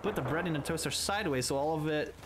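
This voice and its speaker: A gamer in a let's play rattles off casual, playful commentary in a fast, mid-range voice. He swears a lot and taunts the enemies on screen, with heavy background noise and game sounds behind him.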